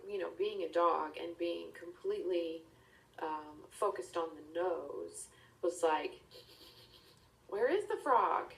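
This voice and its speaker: A woman's voice: medium pitch, vocal fry. A woman telling a children's story in a chatty way, often dropping into whispered asides. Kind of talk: casual storytelling. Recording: roomy, distant mic.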